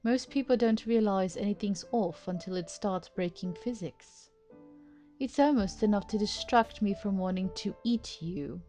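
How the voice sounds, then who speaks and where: A sly, cruel monster man who teases and talks down in a slow, lowered drawl, as a woman reads his game lines aloud. Faint music plays underneath. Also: mellow, natural voice. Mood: mocking. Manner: drawling, condescending teasing. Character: sly cruel male monster illusionist, mocking. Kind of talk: reading game dialogue aloud.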